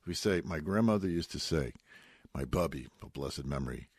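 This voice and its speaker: A man's voice: rumbling low, expressive, normal speed, slightly rough, dry recording, studio quality. A man giving a sermon on the weekly Bible portion, telling it as a story with folksy asides and Hebrew words mixed in. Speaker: rabbi giving a weekly Torah talk.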